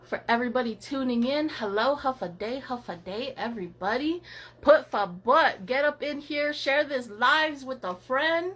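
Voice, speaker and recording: High bright-voiced woman hosting a podcast. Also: moderate pace. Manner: upbeat, chatty, repeats herself. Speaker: podcast host. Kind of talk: casual live-stream chat.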